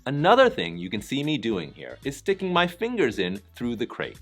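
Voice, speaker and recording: A man giving scripted voice-over narration for a training lesson, calm, instructive and encouraging. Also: mid-range voice, normal speed, faint music behind.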